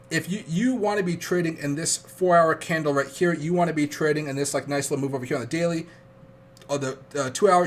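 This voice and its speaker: A man's voice: on the high side, breathy edge. A young man hosting a trading livestream, talking casually in a rambling, chatty way while sick. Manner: fast rambling chatty, with fillers. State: sick, coughing.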